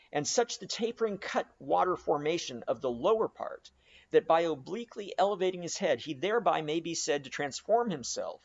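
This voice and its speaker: A man reading a classic novel aloud as a dramatic audiobook narration with expressive, varied delivery. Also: fairly high pitch, dull audio. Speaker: audiobook reader.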